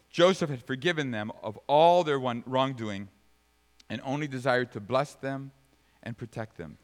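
A man preaching a sermon, swinging from sudden high, loud bursts to soft, low asides. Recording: long reverb of a large hall.

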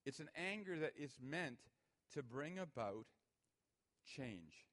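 A male pastor delivering a sermon with an animated, emphatic delivery. His voice sits a little high for a man, and he lifts it sharply when he acts out short scenes. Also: slow pace.

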